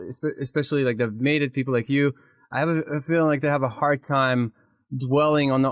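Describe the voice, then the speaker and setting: A man's voice: mid-range voice, dry recording. A man hosts a casual interview. He is enthusiastic and often laughs between his questions. The sound is dry and close. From Ukraine. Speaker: podcast host.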